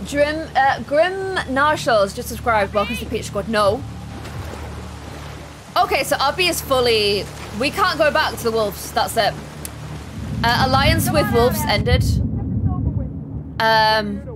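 A young woman streaming a game live, excitable, panicking and rambling with her chat. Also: fairly high pitch. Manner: excitable, shifts into loud panic and chatty rambling. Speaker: gaming streamer. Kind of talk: live let's play commentary.

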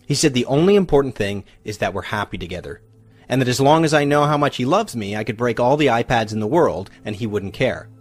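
A man's voice: mid-range voice, animated, brisk, lightly acted. A man voicing a grateful young married woman, bubbly and close to happy tears, gushing in a breathless retelling.

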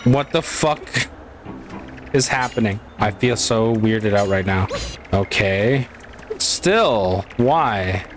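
A man's voice: fairly low pitch, expressive, slow. A man giving casual gameplay commentary, muttering to himself, swearing and yelping in frustration. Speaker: gaming channel host. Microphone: headset. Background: game music.

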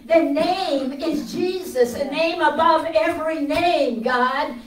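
A woman preaching a sermon with passion, swinging from loud declarations to hushed storytelling. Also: high voice, slow pace, reverberant, recorded from a distance, a crowd in the background, poor audio.

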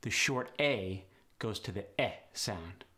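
A man working as an accent coach, briskly explaining pronunciation changes in a matter-of-fact instructional style. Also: on the low side, lively intonation, sharp tone.

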